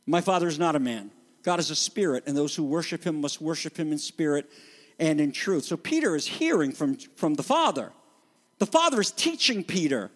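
A man preaching a sermon as pastor, animated and conversational, acting out the voices he quotes. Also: fairly high pitch, moderate pace, big-room sound.

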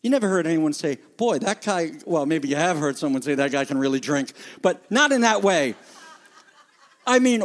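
This is a male pastor with a high-pitched voice delivering a sermon. He's animated and playful, dropping into quiet asides and rising for emphasis. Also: a little fast. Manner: animated, jokey, varies loudness for emphasis.

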